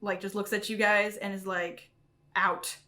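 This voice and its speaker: Bright-voiced woman game master. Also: mid-range voice, level tone, normal speed. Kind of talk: running a tabletop game.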